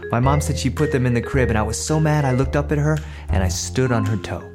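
A man's voice: medium pitch, fast, over music. A man telling a family story from his childhood, acting out the voices of his family. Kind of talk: personal storytelling.

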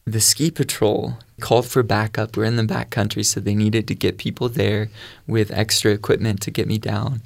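A man's voice: fairly low pitch, little pitch movement, normal speed, gravelly, no room sound. A man telling his faith testimony in an earnest, storytelling way. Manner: earnest storytelling, quotes his own prayers. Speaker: guest sharing testimony.

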